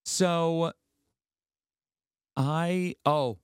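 Animated man telling a story. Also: fairly high pitch, very slow, clean tone, no echo, studio quality. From Garrett County, Maryland. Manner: animated storyteller, acts out quoted voices. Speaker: guest. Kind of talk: casual chat.

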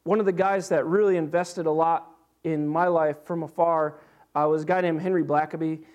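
A man pastor preaching a sermon in a conversational, animated way, with frequent fillers and restarts. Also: a little high, moderate pace, muffled recording.

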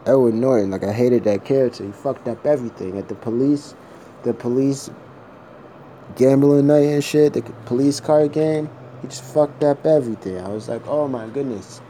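A man's voice: mid-range voice, moderate pace, mellow, slight background noise. A man talking casually to the camera, meandering and thinking aloud, with some swearing. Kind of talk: casual rambling vlog.

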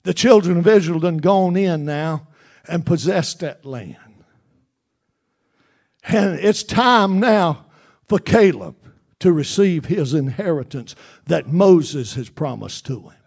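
A man preaching a sermon in a fervent, repetitive style that builds toward shouting. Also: a little high, expressive, takes it slowly.

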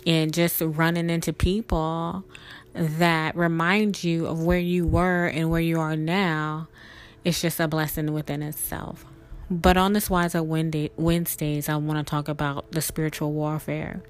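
A woman's voice: low voice, little pitch movement, a little slow, clear, resonant tone. A young woman hosting a podcast, telling a spiritual story in a chatty, emotional way with laughs and fillers. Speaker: podcast host.

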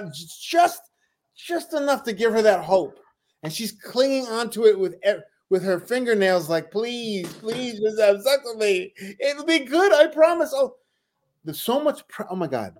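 A woman co-hosting a reality-show recap podcast in easy, casual chat. She is animated and often slips into acted-out quotes of the people she is talking about, changing her voice to play them. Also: on the low side. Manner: animated, acts out quotes from others. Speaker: podcast co-host.

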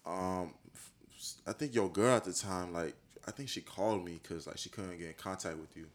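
A man's voice: deep voice, moderate pace. A man co-hosting a podcast, telling a story among friends with lots of laughter. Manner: animated storyteller who laughs through his lines. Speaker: podcast co-host. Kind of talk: casual chat among friends.

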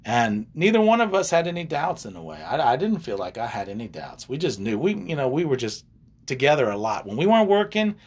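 An older man with a husky voice talks about his life in a relaxed, rambling way. His pitch rises and falls a lot as he goes off on side stories and jokes. He speaks as a relationship coach on a casual chat show. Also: brisk.

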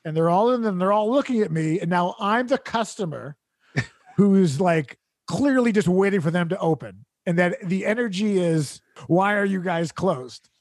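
A man's voice: sits high, lively intonation, normal speed, darkish tone, no room sound. A man hosting a podcast, telling a funny, exasperated story full of sarcasm and laughter. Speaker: podcast host. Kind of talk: comedic storytelling rant.

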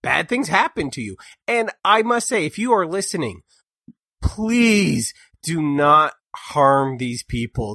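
A man co-hosting a casual political podcast, talking in an animated way and mocking people by quoting them in put-on voices. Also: a little high, no room sound, studio quality. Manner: animated, mocks others in quoted voices. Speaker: podcast co-host.

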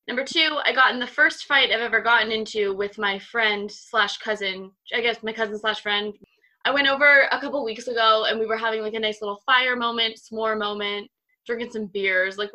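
Animated young woman telling stories fast. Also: on the high side. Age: 20s. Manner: animated, fired-up storytelling. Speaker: podcast co-host. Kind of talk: casual chat among friends on a video call. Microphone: video call.

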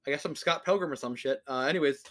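Male podcast host, slightly high voice, profane casual rant, acts out the people he quotes. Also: quick pace, a bit bright.

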